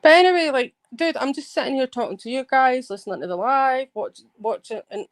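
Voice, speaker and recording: A woman hosting a livestream, telling a rambling story in an animated way, swearing and restarting her sentences. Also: high voice, a little fast, no echo. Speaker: livestream host. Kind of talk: casual livestream chat.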